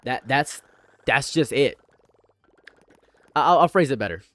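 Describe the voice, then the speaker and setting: A young man rants in a loose, rambling way, circling back over his own points and slipping into mockery. His voice sits at an ordinary pitch and is recorded dry and close, with no room sound around it. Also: lively intonation, a little slow, a bit bright, no echo. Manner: rambling, repeats himself, mocking. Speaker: streamer. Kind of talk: casual livestream chat. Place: room at home.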